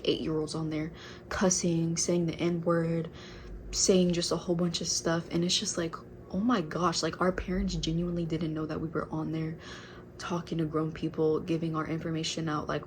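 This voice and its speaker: A woman's voice: low voice, slight background noise. A young adult woman telling a casual storytime to her viewers, chatty and full of fillers, calling them girl. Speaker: vlogger.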